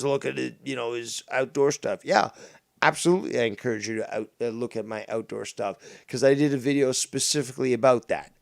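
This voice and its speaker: A man's voice: mid-range voice, no room sound. Rambling Canadian man, dry close mic. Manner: rambling, full of ums and restarts, swears casually. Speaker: guest. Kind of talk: casual podcast chat.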